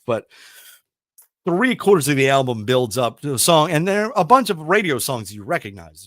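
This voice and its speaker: A man's voice: fairly low pitch, a bit bright, no room sound, clean studio sound. A middle-aged man hosting a radio talk show, chatting casually and rambling with enthusiasm, full of fillers and restarts. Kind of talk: casual chat.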